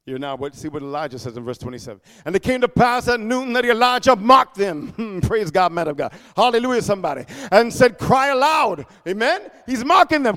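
A man preaching a sermon in a sing-song cadence, reading scripture and breaking into shouted, mocking asides with frequent "amen". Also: very high-pitched, very animated, moderate pace, long reverb tail.

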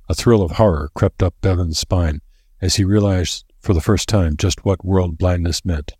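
A man narrating a story in a steady, measured reading voice. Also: low-pitched, husky, no room sound, studio quality. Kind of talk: audiobook narration.

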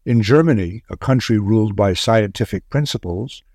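A man narrating a wartime tale in a measured, grave storytelling manner. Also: on the low side, darkish tone, no echo, studio quality.

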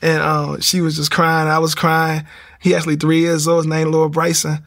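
A man tells his faith story in a casual interview. His voice is gravelly and bright and sits a little high. He acts out what people said to him. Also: normal speed. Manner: animated storytelling, acts out quotes. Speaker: guest sharing testimony.

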